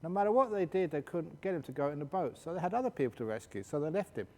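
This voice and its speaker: A man's voice: on the high side, quick pace. Man telling jokes in a ringing hall. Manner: jokey, animated storytelling. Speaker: meditation teacher. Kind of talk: retreat Q&A talk. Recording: reverberant hall.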